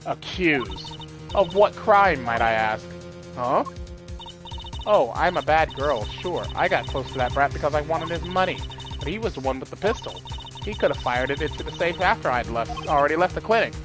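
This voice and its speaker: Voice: mid-range voice, lively intonation, moderate pace, natural voice. A game player voicing a cold, scheming young woman who taunts with sneering remarks, over game music. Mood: mocking.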